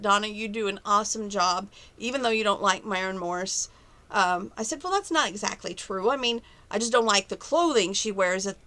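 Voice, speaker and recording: A woman's voice: medium pitch, bright, forceful tone. A woman chatting to camera from her bedroom at home, rambling and opinionated about relationships and her plans. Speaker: vlogger. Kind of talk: casual chat to camera.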